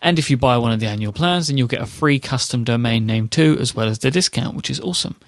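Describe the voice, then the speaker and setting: A man's voice: medium pitch, animated, fast, no echo, clean studio sound. A man hosting a podcast, reading a sponsor ad in a chatty, enthusiastic way with many fillers. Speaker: podcast host. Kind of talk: casual podcast chat with ad read.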